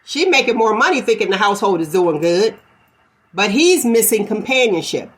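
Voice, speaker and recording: A woman host argues her point in a casual talk-show debate. She is emphatic and repeats phrases like a refrain to keep the floor. Her pitch sits in a middle register. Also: big pitch swings, normal speed. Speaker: podcast host.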